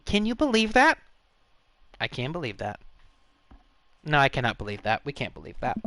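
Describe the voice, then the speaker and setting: A man's voice: mid-range voice, wildly swooping pitch, normal speed, pauses often. A male streamer reading a game aloud live, playful and joking as he voices the dad's lines. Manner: playful, reads the dad's lines warmly and jokes.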